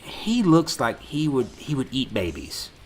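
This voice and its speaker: A podcast co-host recaps a movie scene by scene in casual chat, swearing plenty and laughing often as he animatedly tells it. His medium-pitched voice keeps a measured pace, and a crowd can be heard in the background.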